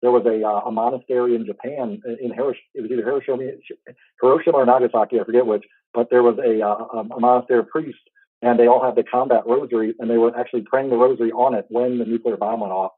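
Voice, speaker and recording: A man in his thirties telling a heartfelt personal story in a casual, halting way, full of restarts. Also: medium pitch, steady tone, dry recording, phone-quality sound. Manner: fast, halting, with many restarts and fillers; earnest, heartfelt. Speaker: podcast host.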